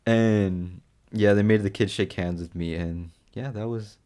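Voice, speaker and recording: Young male podcast co-host with a lowish voice and a loose, swearing storytelling manner. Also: unhurried. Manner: storytelling, swearing, animated quoting. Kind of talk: casual chat.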